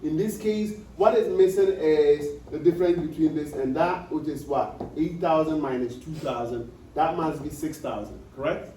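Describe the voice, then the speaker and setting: This accounting lecturer has a mellow, slightly high voice and moves at a moderate pace with hardly any pauses. He repeats his main points and often quizzes the class to make sure they understand. The recording is distant and echoey, with a faint hiss of noise.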